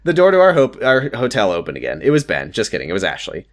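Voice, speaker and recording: A man reads a fan story aloud in a mock-dramatic way. His pitch swoops widely as he hams it up, and he laughs often between lines. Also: wildly swooping pitch, quick pace. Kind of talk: comedic dramatic reading with chat.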